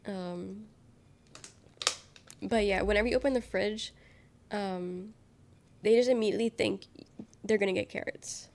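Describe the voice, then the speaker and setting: A woman's voice: mid-range voice, measured pace, long pauses, darkish tone, a little hiss or hum. Young female streamer, chatty and giggly, loose casual talk, faint throat tickle. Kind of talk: casual live-stream chat.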